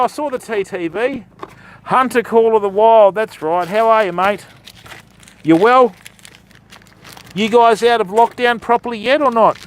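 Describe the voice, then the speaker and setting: Out on a beach, an Australian man hosts a live fishing stream, chatting with viewers in a casual, matey way. His voice is high-pitched, and there's slight background noise.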